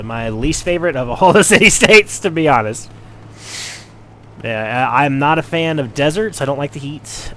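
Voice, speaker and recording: A man's voice: mid-range voice, fairly bright tone, a little hiss or hum. A man hosting a casual game playthrough, chatty and self-deprecating about his character voices. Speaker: gaming channel host. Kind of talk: casual let's-play commentary, reading game dialogue aloud.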